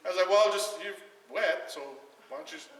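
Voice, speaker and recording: A man telling a long, animated story to a party audience, acting out the quoted voices and laughing often. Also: high-pitched, a little fast. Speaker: guest speaker telling a story at a retirement party. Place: large echoey hall at a party. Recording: far-off echoey hall recording with faint noise.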